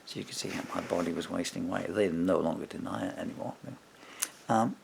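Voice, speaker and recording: A man with a deep, heavily gravelly voice tells a story straight to his camera from a room at home. He talks animatedly and casually, slipping into the voices of the people he quotes. A faint hiss sits under the recording. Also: a little fast. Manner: animated, acts out quoted voices, chuckles between points. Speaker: vlogger.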